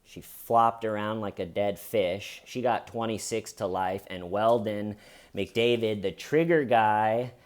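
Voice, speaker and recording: Slow and low-voiced, a young true crime comedy host sits at his desk joking his way through a crime story. Quotes get silly voices, and the casual telling includes a sponsor read.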